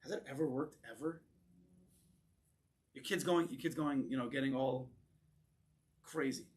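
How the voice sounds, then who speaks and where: A man, a rabbi, teaching a class in a synagogue, animated and drawing in his audience, often restarting words as he goes. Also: medium pitch, a little slow. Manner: animated, acts out voices in quoted lines, repeats words as he restarts. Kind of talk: lecture with audience discussion.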